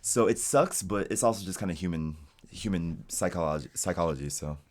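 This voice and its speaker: Laid-back American man, low voice. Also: fairly quick. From United States. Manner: relaxed, rambling, heavy use of "like". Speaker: interviewee, game designer in Japan. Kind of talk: casual interview chat. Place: home streaming setup.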